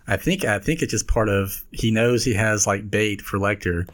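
A man with a fairly low voice chats casually with a co-host. He rambles through his points and laughs often. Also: steady tone, moderate pace. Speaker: podcast co-host. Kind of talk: casual chat.

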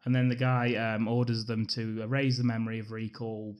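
A man's voice: on the low side, flat delivery, brisk, dull audio. A man co-hosting a casual film podcast, recapping the plot plainly with casual swearing. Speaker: podcast co-host.

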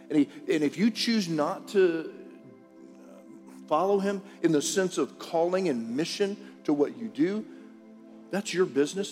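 A pastor with a high-leaning, darkish voice preaches in a large church auditorium, speaking chattily and directly and posing questions to the congregation. The hall is reverberant and faint music can be heard.

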